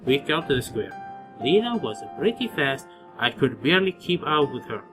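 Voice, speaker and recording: Man reading a game aloud, halting. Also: medium pitch, sing-song, over music. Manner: halting, with fillers and self-corrections. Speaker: let's play host. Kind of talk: reading a visual novel aloud.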